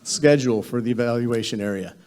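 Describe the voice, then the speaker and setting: A man with a mellow, warm-toned voice leads a live training session on government contracting. He talks in a loose, conversational way, full of "um"s and self-corrections, at an ordinary pitch. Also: fairly quick. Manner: conversational, many fillers and restarts.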